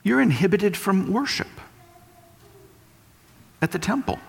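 A man's voice: high voice, lively intonation, a little slow, creaky, slightly rough. A man preaching a sermon, explaining and repeating points for emphasis. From West Texas. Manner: explanatory, emphatic teaching with repetition. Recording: long hall reverb.

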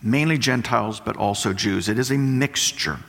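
A man's voice: medium pitch, moderate pace, vocal fry, a bit bright. A man preaching a sermon, explaining and repeating points for emphasis. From West Texas. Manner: explanatory, emphatic teaching with repetition. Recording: long hall reverb.

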